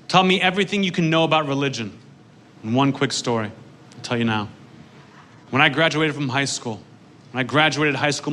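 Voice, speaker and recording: Male stand-up, deadpan dark-humor storyteller, bright crisp tone, handheld mic on stage. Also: medium pitch. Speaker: stand-up comedian. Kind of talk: stand-up comedy routine. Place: comedy stage.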